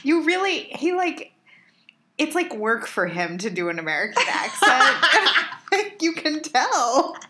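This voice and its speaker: A woman in casual chat as podcast co-host, animated and laughing, acting out quotes from the show. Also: high-pitched, slow pace, heavy background noise.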